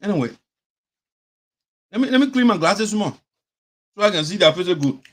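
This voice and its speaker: A man with a Liberian English accent and a high, light voice, delivering opinionated commentary as host. He talks with animation, drops into phrases of his local language, and imitates the people he is discussing. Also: animated, moderate pace. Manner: mimics the people he talks about.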